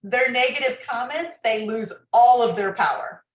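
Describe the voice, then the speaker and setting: A woman's voice: a little high, normal speed, roomy sound, low-quality recording. A woman author, a guest on an interview podcast, explaining advice in a coaching tone. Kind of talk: interview, giving workplace advice.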